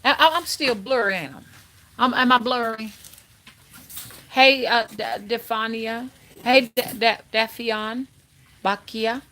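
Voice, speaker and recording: A woman hosting a casual livestream as a spiritual reader, chatting and greeting viewers by name in a drawn-out, friendly way. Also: on the high side, bright, forceful tone.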